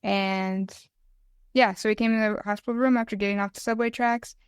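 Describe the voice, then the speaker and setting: A woman reads her own poem in a smooth, clear voice that stays flat and restrained, her delivery halting and tearful. The sound is dry and close, with no room around it. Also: mid-range voice, no echo. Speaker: podcast guest, mental health advocate. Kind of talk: reading her own poem aloud, then conversational interview.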